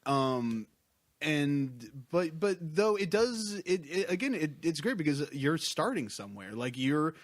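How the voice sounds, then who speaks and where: A young man appears as a guest on a casual podcast, a comics creator who rambles with lots of fillers and restarts. His voice is fairly high with big pitch swings, his pace is measured, and there's no room sound.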